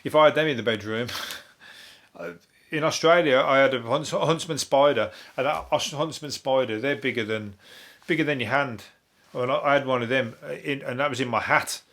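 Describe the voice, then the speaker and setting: A man's voice: medium pitch, normal speed, a bit bright. A man with a Birmingham accent hosting a comic news review podcast, rambling through stories with constant swearing and laughing at his own jokes. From England. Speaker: comedian podcast host.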